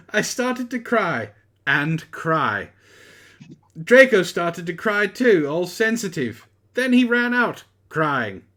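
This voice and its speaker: A man's voice: high-pitched, sing-song, slow pace, pauses often, a bit bright. A man reading a story aloud for laughs, with sarcastic asides between lines. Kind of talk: mocking comedic dramatic reading.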